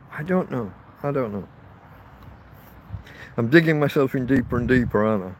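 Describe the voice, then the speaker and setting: A man rambling casually to his viewers, recorded outdoors in a windy field on a phone. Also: medium pitch. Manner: rambling, self-correcting, chatty. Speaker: vlogger living rough in a field camp. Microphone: phone held in portrait mode. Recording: wind and faint outdoor noise on a phone.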